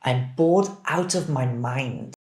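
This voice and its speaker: A man teaching English, reading phrases deliberately and clearly so that learners can repeat them. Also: medium pitch, darkish tone. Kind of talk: scripted language drill. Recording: roomy echo.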